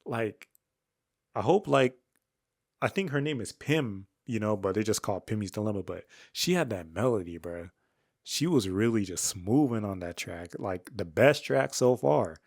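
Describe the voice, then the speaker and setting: Gravelly young man casually reviewing an album. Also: normal speed. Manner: candid, slangy, rambling with frequent fillers and restarts; swings between flat mutters and excited highs. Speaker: music reviewer.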